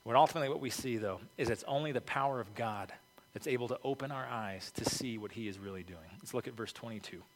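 A man's voice: medium pitch, fast. A man preaching a conversational sermon as pastor, informal and peppered with "okay" and "like". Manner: informal, peppered with 'okay' and 'like'. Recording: reverberant hall.

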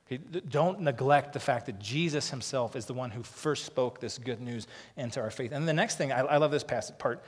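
A man's voice: mid-range voice, brisk, hardly any pauses, husky, long reverb tail. A man preaching a sermon as pastor, earnest and conversational, often repeating words as he starts sentences.

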